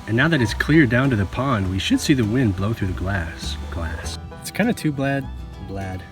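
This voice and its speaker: A man's voice: on the low side, animated, normal speed, over music. A man hosting a gardening channel, stumbling over his lines, restarting and laughing at himself. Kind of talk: blooper reel of casual garden vlogging.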